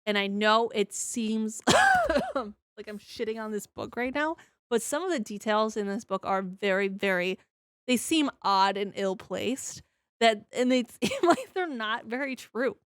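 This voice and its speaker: A young woman co-hosts a podcast, rambling casually about a book with lots of "like" and offhand swearing. Her voice sits on the high side with big pitch swings and a slightly slow pace. The studio recording is clean, with no room sound.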